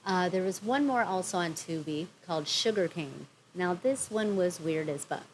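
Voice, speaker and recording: A woman with a somewhat low voice giving a candid, unpolished movie review. She rambles and corrects herself, filling gaps with ums, and states her opinions bluntly. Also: lively intonation, normal speed, a little hiss or hum, low-quality recording. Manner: rambling, chatty, frequent ums and self-corrections. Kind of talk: casual vlog review.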